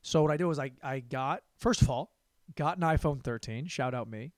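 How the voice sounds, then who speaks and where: A man's voice: medium pitch, moderate pace, dry recording. Profane rambling young man, dry close mic. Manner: rambling, profane, self-mocking, laughs often. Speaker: podcast host and stand-up comic. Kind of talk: casual solo podcast monologue.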